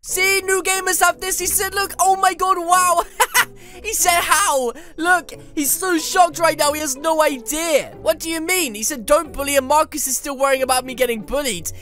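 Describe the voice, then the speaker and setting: A woman giving excitable, playful gameplay commentary, melodramatic and mock-indignant. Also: high voice, normal speed, faint music behind. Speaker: gaming YouTuber.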